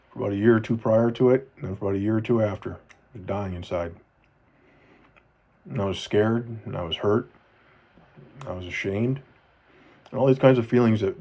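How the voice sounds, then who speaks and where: A low-pitched man in his forties talks straight to camera for his kids in a personal video journal. His voice is dark and a bit husky, and he speaks earnestly, often falling soft and repeating phrases to drive them home. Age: 40s. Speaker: father speaking to his children.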